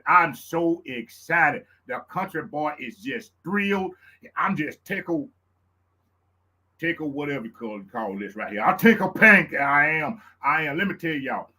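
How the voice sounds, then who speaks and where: A man with a Louisiana Southern accent hosting his own live show, hyped and preacherly, repeating lines and whooping up high. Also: animated, normal speed, bright, forceful tone. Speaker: show host. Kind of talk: excited live-stream talk.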